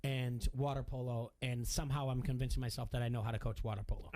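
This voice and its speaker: A middle-aged man co-hosting a sports radio show, talking in a rambling, animated way with many restarts. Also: medium pitch, fast. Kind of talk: casual sports talk.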